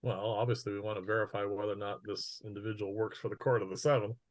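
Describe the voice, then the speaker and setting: Low-voiced male player, dry sound. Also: flat delivery, no echo. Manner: short, quick reactions. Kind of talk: casual tabletop game chat.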